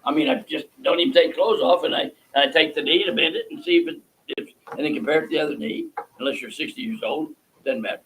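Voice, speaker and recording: A man's voice: fairly high pitch, sing-song, fast talker, a bit bright, a little hiss or hum, rough recording. An older man, a physician hosting a livestream Q&A, talking bluntly and profanely in long rants. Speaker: physician host. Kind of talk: livestream Q&A talk.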